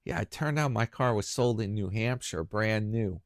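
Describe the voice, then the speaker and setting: A man's voice: fairly low pitch, moderate pace, no echo, studio quality. A man hosting a casual solo chat for his viewers, rambling and chatty and joking at his own expense. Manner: rambling, chatty, self-mocking. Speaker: YouTube commentary host.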